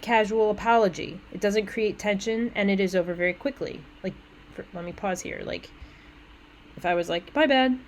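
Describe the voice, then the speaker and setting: A woman's voice: mid-range voice, poor audio. Casual, chatty woman instructor explaining an essay. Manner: conversational, with casual asides and self-corrections. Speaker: college English instructor. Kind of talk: walking through essay instructions.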